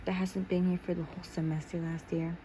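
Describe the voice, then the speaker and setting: A woman's voice: on the low side, little pitch movement, brisk, warm tone, slight background noise, natural voice. A woman voicing a nervous, easily flustered male teacher in a read-aloud fan story.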